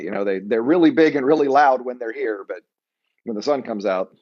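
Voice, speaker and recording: A man leading a weekly Bible study lesson, talking conversationally and pausing to explain terms. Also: fairly low pitch, animated, darkish tone, lo-fi sound.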